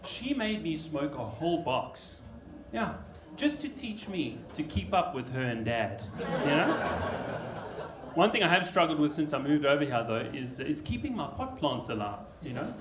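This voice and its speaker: South African male comic, laid-back delivery, high animated voice, noisy live room. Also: normal speed. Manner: laid-back, tags lines with "you know" and "eh". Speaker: stand-up comedian. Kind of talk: live stand-up set. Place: comedy club stage. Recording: echoey club with audience noise.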